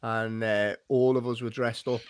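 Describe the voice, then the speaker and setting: A man's voice: medium pitch, flat delivery, moderate pace, clean tone. A man, hosting a casual football podcast chat with a joking, easygoing manner. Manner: chatty, jokey, leads the talk. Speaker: podcast host.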